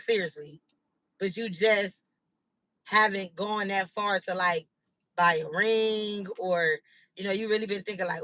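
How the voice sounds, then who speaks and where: Woman host, casual chatter with viewers, bright voice, dry close sound. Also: mid-range voice, no echo. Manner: chatty, laughing, rambling with many fillers. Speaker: livestream host.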